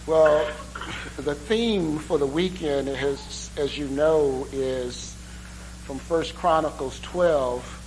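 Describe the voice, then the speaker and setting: A man preaching a sermon, telling a story in an unhurried way with lots of ums and uhs. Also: fairly high pitch, noisy background. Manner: unhurried storytelling with many fillers. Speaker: guest preacher. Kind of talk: sermon with a humorous opening.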